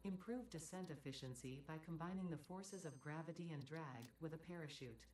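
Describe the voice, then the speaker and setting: A corporate AI assistant in a game, low and measured, delivering notices with a cold, dutiful politeness, as a woman voices it. The sound is roomy and set back from the mic, as if played through a game's speakers. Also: close to an everyday voice. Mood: announcing. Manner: calm, announcing, dry corporate politeness. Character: cheery corporate female AI, coldly dutiful. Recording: roomy, distant game audio.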